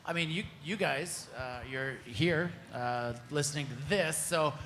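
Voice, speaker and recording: A man's voice: on the high side, unhurried, a bit bright, slight background noise. A man hosting a comedy panel with wry, joking interjections. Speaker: panel host.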